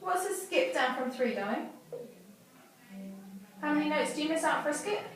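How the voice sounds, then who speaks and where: A woman teaching a child violin, gently encouraging and asking patient questions. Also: high voice, animated, normal speed. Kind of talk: patient one-to-one lesson teaching. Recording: echoey room from a distance with violin.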